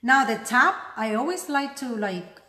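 A woman's voice: a little high, animated, unhurried, pushed and bright, echoey room. Chatty woman with a non-native accent. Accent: non-native English accent. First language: not English. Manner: chatty, self-deprecating, talks while working. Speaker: craft tutorial host. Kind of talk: casual painting tutorial.

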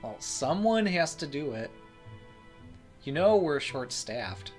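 A man voicing a gruff, bossy hospital shift leader in a game, curt and commanding. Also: on the high side, sing-song, slow pace, soft background music.

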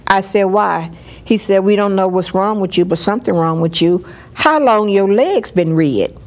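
A woman telling a personal story in an interview, lively, and she acts out what others said. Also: mid-range voice, moderate pace. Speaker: storyteller sharing her life.

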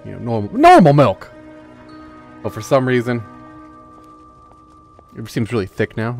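A young man with a medium-pitched, creaky voice streams a game and chats casually, rambling, joking, and swearing.

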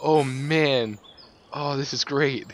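A man's voice: fairly even intonation, slow pace. A man co-hosting a gameplay video, chatting casually and laughing often. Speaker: co-host playing a farming game. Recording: muffled low-fi mic with faint hiss.

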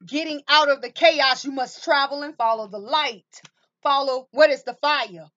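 A woman's voice: sits high, normal speed, sharp tone, dull audio. A woman reading tarot cards for viewers, emphatic and full of rhetorical questions, calling them baby and honey. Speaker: tarot reader. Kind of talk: tarot card reading to camera.

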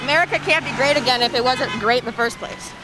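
A woman's voice: high-pitched, fast, music in the background, a crowd in the background, rough recording. A woman protester arguing her point outdoors in an earnest, rambling, hesitant way. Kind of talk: street argument. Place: outdoors by a street.

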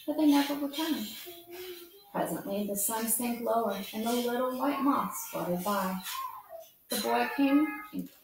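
A woman hosting storytime who reads a children's picture book aloud in a gentle, expressive voice and adds chatty asides. She is far from the mic in a very echoey room, with faint noise in the background. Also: fairly high pitch, unhurried, gravelly. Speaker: storytime host.

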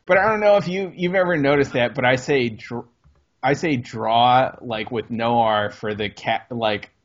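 A man's voice: medium pitch, normal speed, lo-fi sound. A man, co-hosting a podcast in casual chat and rambling through hesitant restarts. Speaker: podcast co-host.

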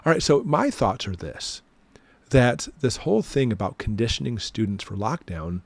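A man's voice: mid-range voice, very animated, moderate pace, vocal fry, no echo. A middle-aged man hosting a channel, telling a story in a casual monologue with many fillers and flashes of indignation. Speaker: host.

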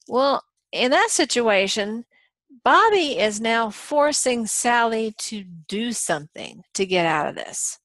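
A woman's voice: a little high, very animated, slow, a bit bright, no echo. A woman lecturing a college law class in a conversational way, with frequent ums and uhs. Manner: conversational, many ums and uhs, acts out quoted dialogue. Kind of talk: recorded lecture.

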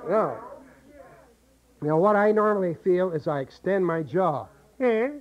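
A man's voice: high voice, expressive, a little slow. A man teaching a voice acting seminar, explaining and demonstrating vocal sounds to a group. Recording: tinny, muffled old seminar tape.

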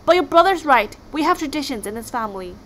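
A no-nonsense Viking mother who snaps at her sons, read by a woman. Her voice is bright and sharp with lively pitch. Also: fast, a little hiss or hum. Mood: stern. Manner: snappish.

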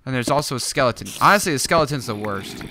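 A young man giving casual gameplay commentary, excitable and jumpy, talking to himself as he plays. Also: medium pitch, fast talker, a little hiss or hum. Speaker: gaming YouTuber.

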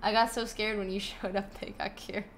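A woman's voice: mid-range voice, level tone, normal speed, a little hiss or hum. A woman chatting casually on a live gaming stream, giggly and scattered, often breaking into laughs.

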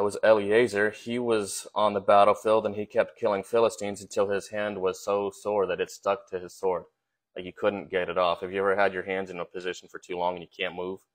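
A man preaching a sermon in a conversational way, with frequent fillers, repeated words and rhetorical questions put to his listeners. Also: on the low side.

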